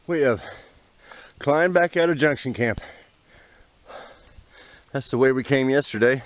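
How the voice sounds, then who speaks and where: A man's voice: mid-range voice, a little slow, pauses often, no room sound. A man filming himself on a forest hiking trail, chatting folksy and casual to viewers while out of breath from the climb. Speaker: hiking vlogger. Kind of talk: casual outdoor vlog narration.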